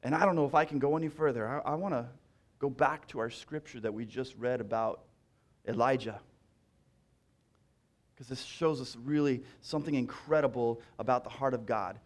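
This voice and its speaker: A man's voice: mid-range voice, moderate pace. A male pastor preaching a sermon in a conversational way, repeating key lines and restarting phrases as he talks.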